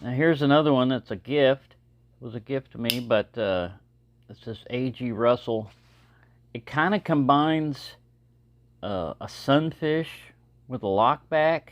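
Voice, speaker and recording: A man from Texas with a Texan accent, casually showing his knife collection in a rambling, relaxed way with lots of fillers. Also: medium pitch, dry recording, highs cut off. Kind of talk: casual show-and-tell talk.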